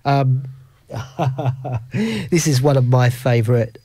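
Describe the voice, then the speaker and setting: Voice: medium pitch, lively intonation, slow pace, dark tone, husky, dry recording. A radio host in casual chat, rambling and giggling through stories.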